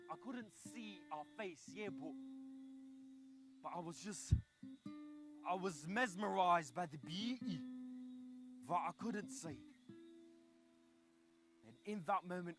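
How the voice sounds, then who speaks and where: A man performing a comic story, chatty and animated, swinging from hushed asides to loud outbursts. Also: high voice.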